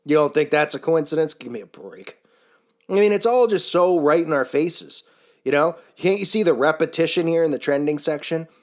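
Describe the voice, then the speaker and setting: A commentary channel host with a slightly high voice delivers a fairly quick ranting monologue, scornful and sarcastic and packed with rhetorical questions.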